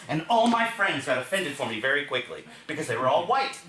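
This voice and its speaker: A man from Texas performing a one-man stage show, telling stories in an animated, conversational way in a roomy theater. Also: a little high, a little fast, hardly any pauses, recorded from a distance. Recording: roomy theater with faint ambience.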